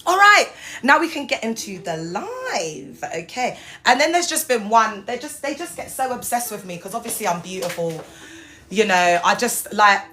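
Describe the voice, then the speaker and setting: A woman's voice: on the high side, expressive, normal speed, sharp tone. A young woman hosting an unscripted livestream, mocking and taunting viewers and swinging between mock-proper speech and street slang. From United Kingdom. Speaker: livestream host. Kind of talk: unscripted live commentary.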